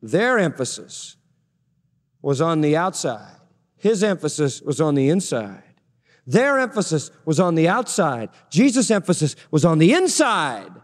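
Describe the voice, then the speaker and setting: A man's voice: on the high side, big pitch swings, measured pace, long reverb tail. A male pastor preaching a sermon emphatically, stressing his points with repeated parallel phrases.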